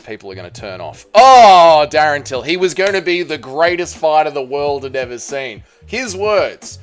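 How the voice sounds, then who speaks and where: A man's voice: on the high side, smooth. A man hosting his own MMA channel, ranking fighters in a joking, irreverent rant that often trails off and restarts. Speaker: MMA commentary host.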